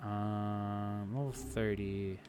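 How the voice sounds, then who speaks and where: A man's voice: fairly low pitch, level tone, drawn-out words, music in the background. Rambling, swearing young man streaming a game. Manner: rambling, swears a lot, laughs easily. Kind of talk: casual live game commentary.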